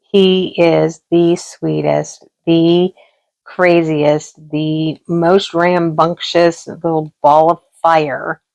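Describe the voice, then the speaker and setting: A middle-aged woman with a low, gravelly voice tells a long story in relaxed home-vlog chat. She rambles warmly through quoted dialogue, recorded close and dry. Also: no echo. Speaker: craft vlogger. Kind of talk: casual storytelling while crafting.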